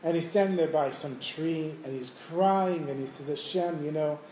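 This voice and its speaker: A man tells a Hasidic tale to a class, lively and chuckling now and then. His voice is fairly high and mellow. The room echoes, with a faint ambience behind. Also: moderate pace, a little hiss or hum. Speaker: Torah teacher. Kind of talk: storytelling Torah class. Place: room with listeners.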